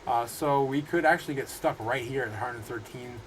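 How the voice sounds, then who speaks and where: A man in his thirties hosting a casual crypto livestream from his home, rambling through viewer comments with halting restarts and frequent laughs. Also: medium pitch, a little hiss or hum, poor audio. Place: home room.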